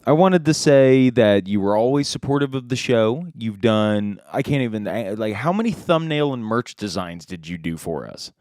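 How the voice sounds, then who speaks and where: A male podcast host jokes his way through a casual comedy chat, laughing often and swearing freely. His pitch swoops up and down as he riffs. The sound is close and dry. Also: lively intonation, moderate pace, few pauses, a little mellow, no echo.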